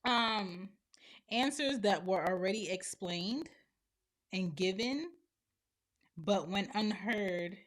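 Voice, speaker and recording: A woman's voice: medium pitch, lively intonation, takes it slowly, pauses often. A woman around forty hosting a podcast, talking bluntly and opinionatedly on her own and acting out other people's lines. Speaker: podcast host and mother. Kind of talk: solo opinion monologue.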